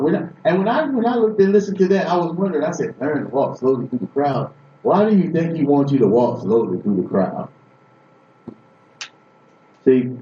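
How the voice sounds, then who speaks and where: A man's voice: fairly high pitch, dark tone, a little hiss or hum. A man preaching a sermon from Boston, telling stories emphatically with frequent repeated restarts. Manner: emphatic storytelling, repetitive restarts. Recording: echoey room from far off, dull sound.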